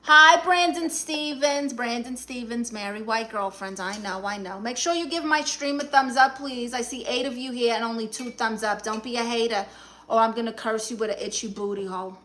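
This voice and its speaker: A woman doing a brassy Brooklyn aunt with a thick New York accent, sassy and quick with a comeback. Her voice sits fairly high and bright, with a bold, forceful edge. She chats into a phone live stream like a self-appointed therapist. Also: a little hiss or hum. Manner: sassy, quick comebacks, reads chat aloud. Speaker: live streamer reading viewer comments. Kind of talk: comedic improvised live stream.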